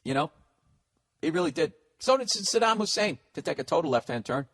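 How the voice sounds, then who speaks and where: A man's voice: on the high side, very animated, a little fast, fairly bright tone. A man hosting a podcast, ranting bluntly and swearing constantly as he gives advice. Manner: blunt, heavily profane, ranting. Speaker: podcast host. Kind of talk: profane advice rant.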